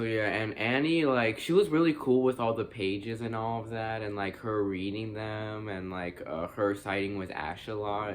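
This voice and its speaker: A young man talks through a movie review in a loose, unscripted way. His voice sits a little low, and he keeps circling back with fillers, restarts and casual swearing. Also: slight background noise. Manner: rambling, many fillers and restarts, swears freely. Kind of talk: casual spoken film review.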